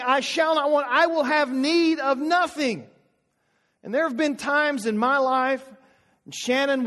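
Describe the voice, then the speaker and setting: A middle-aged man preaches with a notably high voice, pressing his congregation to repeat after him. His fervor climbs as he goes on. The sound carries a long reverb, as in a large hall. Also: a bit bright. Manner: preaching with rising fervor, calling the congregation to respond. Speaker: pastor. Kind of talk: sermon.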